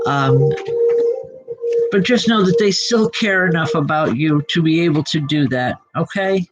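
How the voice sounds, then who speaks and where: A woman working as a psychic medium, giving live spirit readings in a reassuring way, often breaking into soft laughter. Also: low voice, animated, measured pace, long pauses, over loud music, low-quality recording.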